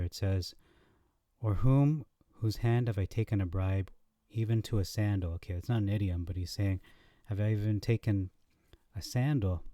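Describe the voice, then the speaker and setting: A man hosting a scripture comparison lesson, reading verses aloud and thinking out loud with fillers, on a close mic. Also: lowish voice, no room sound. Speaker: Bible teacher.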